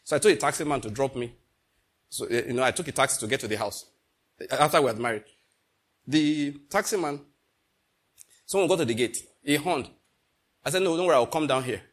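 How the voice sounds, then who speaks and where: A middle-aged Nigerian man preaching a sermon, telling stories and slipping into pidgin, moving between loud and hushed delivery. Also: mid-range voice, brisk, long pauses. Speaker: pastor. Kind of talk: sermon with storytelling.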